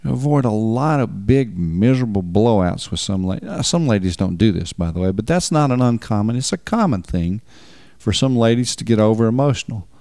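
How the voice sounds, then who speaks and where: A man's voice: lowish voice, animated, brisk, a little mellow, no room sound, clean studio sound. A man preaching on marriage in a folksy, emphatic way, repeating words for stress. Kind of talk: sermon.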